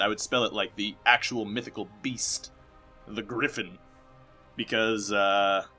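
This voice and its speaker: A young man hosting a let's play, rambling jokily in casual commentary, jumping from loud bursts to quiet mumbles. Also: medium pitch. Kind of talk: rambling gameplay commentary over credits.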